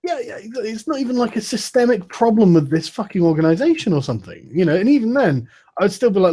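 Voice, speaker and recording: A man's voice: high-pitched, sing-song, fast talker, warm tone, breathy edge. A man in casual, profane podcast chat, laughing often and mocking with sarcastic put-on quotes.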